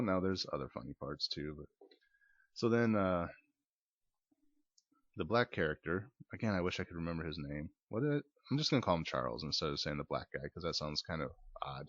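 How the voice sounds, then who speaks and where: Male reviewer, very low voice, dry dull-sounding mic; loose rambling plot recap. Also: fairly bright tone, no echo. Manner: rambling, filler-heavy retelling with quoted asides. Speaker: podcast movie reviewer. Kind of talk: casual movie recap.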